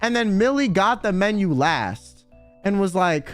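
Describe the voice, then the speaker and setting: A man's voice: high-pitched, lively intonation, a little slow, soft background music. A man streaming, telling a story in a rambling, slangy way and swearing freely. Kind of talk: casual chat storytelling.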